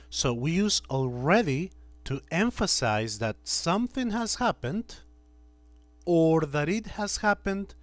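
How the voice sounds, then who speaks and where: Male English teacher, lively up-and-down intonation, unhurried classroom delivery. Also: mid-range voice, no echo. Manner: slow, patient, repeats example sentences. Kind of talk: classroom grammar lesson. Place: classroom with students.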